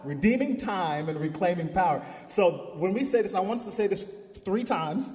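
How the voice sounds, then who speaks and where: A man's voice: sits high, expressive, normal speed, darkish tone. A male pastor preaching a sermon, leading the congregation in call-and-response with rising, emphatic declarations. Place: church sanctuary. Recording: echoey hall.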